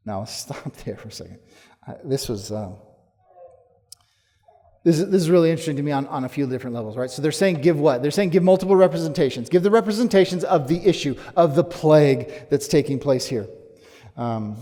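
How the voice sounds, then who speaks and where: A man preaching a sermon as pastor, emphatic, rising to forceful challenges and then dropping low. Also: lively intonation, brisk. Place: church sanctuary. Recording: long hall reverb.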